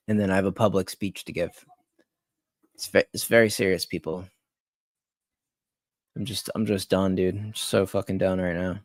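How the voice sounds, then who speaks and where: A man's voice: on the low side, no room sound, studio quality. A young man ranting on a late-night live stream about sports betting, swearing and repeating himself as he vents. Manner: agitated, swearing, repeats words.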